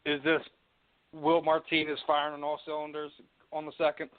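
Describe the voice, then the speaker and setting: A man's voice: a little high, monotone, normal speed, no echo. Rambling man on a tinny line. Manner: rambling, filler-heavy, laughs easily. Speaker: podcast host. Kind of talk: casual interview.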